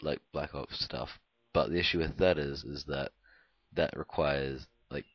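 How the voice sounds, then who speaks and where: A man's voice: rumbling low, steady tone, measured pace, no room sound. A young man from Canada rambling through casual gameplay commentary, hesitant and full of filler words, on a cheap close mic. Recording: dry, dull lo-fi home recording.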